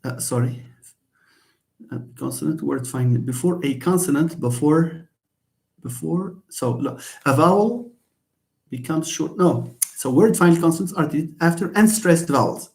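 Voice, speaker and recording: A man's voice: on the high side, gravelly, darkish tone, roomy sound. A man lecturing a class, thinking aloud with frequent restarts and hesitations. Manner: slow, halting, thinks aloud with many restarts. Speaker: linguistics lecturer.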